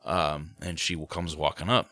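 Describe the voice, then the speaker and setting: A man in his thirties casually telling a story, acting out quotes in high voices. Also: little pitch movement, moderate pace, bright, forceful tone, no room sound. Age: 30s.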